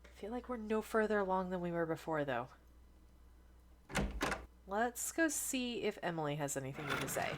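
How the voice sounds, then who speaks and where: A woman's voice: lowish voice, expressive, normal speed, pauses often, noisy background. A woman streamer giving chatty, rambling let's play commentary, thinking aloud as she plays. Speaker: gaming streamer.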